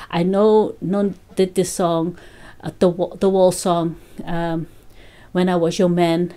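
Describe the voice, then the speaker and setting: Woman chatting to fans, warm mellow voice, unhurried, laughs a lot. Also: lowish voice. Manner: laughs often, breaks off and restarts. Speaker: vlogger. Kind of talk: casual chat to fans.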